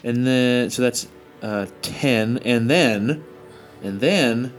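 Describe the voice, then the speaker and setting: A man playing a tabletop game, calling out rolls in a relaxed, matter-of-fact way. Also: medium pitch, takes it slowly, faint music behind. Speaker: player. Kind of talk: casual tabletop game play.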